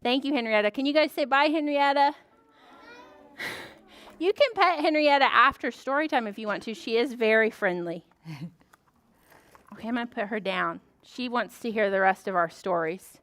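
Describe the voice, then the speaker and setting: A woman librarian leading a preschool story time, animated and sing-song, gasping in surprise as she talks to small children. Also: fairly high pitch, normal speed, long pauses.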